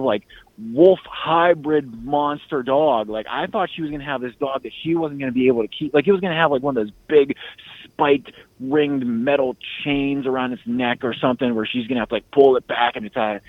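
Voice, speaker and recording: A man casually telling a long, profane story with animated laughter, as a podcast host. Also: mid-range voice, no echo. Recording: tinny phone-like sound, dry.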